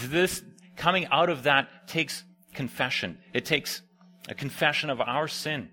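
A young man preaching with a bright, forward tone at a middle pitch. He tells his story casually, leaning in and going soft and hushed whenever he quotes someone. The delivery mixes sermon and storytelling. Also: moderate pace. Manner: conversational, drops to quiet near-whispers for quoted lines.

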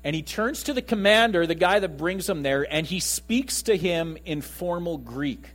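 Man, pastor, conversational sermon, somewhat high voice, faint hum underneath. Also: normal speed. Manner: conversational, animated preaching with acted quotes.

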